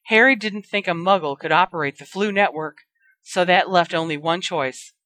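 A narrator reading a fantasy fan fiction story aloud in a steady, dramatic way. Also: mid-range voice, normal speed, dry recording.

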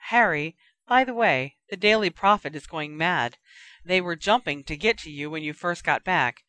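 An earnest, clever teenage girl speaks in a brisk, serious way, as the reader puts her on. The voice is bright and crisp, read close to the mic in a dry room. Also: medium pitch, animated, no echo.

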